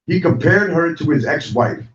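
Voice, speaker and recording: A man's voice: a little high, animated, normal speed, dull audio, slight background noise. Angry ranting man, distant roomy mic. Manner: angry, profane, repetitive, talks straight at viewers. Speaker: host of an online talk show. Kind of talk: heated livestream rant.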